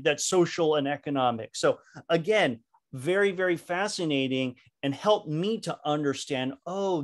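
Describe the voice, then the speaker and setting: A man leading a live online training session over a video call. He talks in an animated way, with frequent fillers and restarts. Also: medium pitch. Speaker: leadership trainer.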